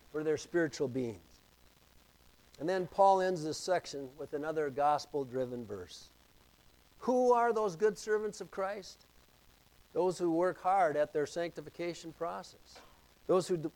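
A pastor preaching a sermon, reading scripture and repeating key phrases with emphasis. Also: male voice, high voice, a little mellow, poor audio.

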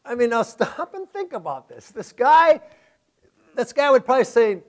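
A male pastor preaching a sermon, animated, with sarcastic asides and laughter. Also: extremely high pitch, moderate pace.

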